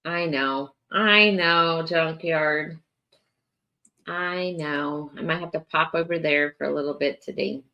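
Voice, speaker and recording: On her morning livestream, a sleepy woman chats with viewers in a slow, drawn-out manner, yawning often and using lots of fillers. Her voice is deep, and the sound is lo-fi.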